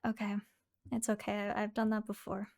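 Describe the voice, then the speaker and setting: A woman's voice: mid-range voice, completely flat delivery, a little fast, vocal fry, a little mellow. A woman streamer talking casually and hesitantly with her coach, often laughing lightly.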